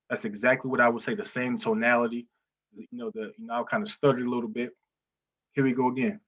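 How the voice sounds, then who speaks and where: In a live webinar, a man teaches real estate wholesaling with energy and lots of repetition, frequently saying "listen, man." His voice is mid-range and his pace quick.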